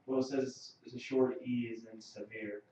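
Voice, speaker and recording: Man, student, hesitant short answers, flat dark voice, far from the mic, echoey. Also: medium pitch, normal speed. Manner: hesitant, answers questions briefly. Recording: distant lo-fi echoey room recording.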